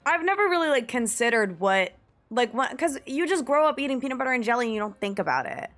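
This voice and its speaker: A woman's voice: on the high side, sing-song, quick pace, fairly bright tone, soft background music. A young woman streamer in casual live-stream chat, musing aloud and reading search results. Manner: chatty and musing, reads search results aloud with frequent laughs.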